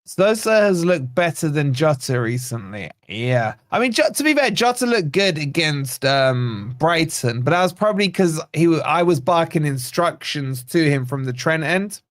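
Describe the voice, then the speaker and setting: A man hosts a live football fan stream, chatting loosely and reading out comments from viewers. His voice sits a little high for a man. The sound is dry and close, with no room echo. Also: very animated, moderate pace, few pauses. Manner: laid-back banter, reads viewer comments aloud. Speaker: host of a football fan channel watch-along. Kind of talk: live match watch-along commentary and chat reading.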